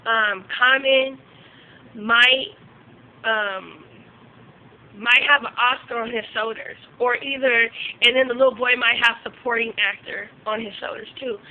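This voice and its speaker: A woman's voice: high voice, phone-quality sound. A young woman giving blunt, profane gossip reviews as a vlog host, talking casually and getting outraged.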